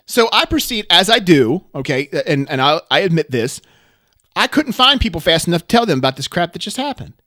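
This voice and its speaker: A man co-hosting a casual chat show, telling stories in an animated way and getting loud and worked up as he goes. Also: sits high, a little fast, dry recording, clean studio sound. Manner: animated storyteller, gets loud and riled up. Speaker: podcast co-host.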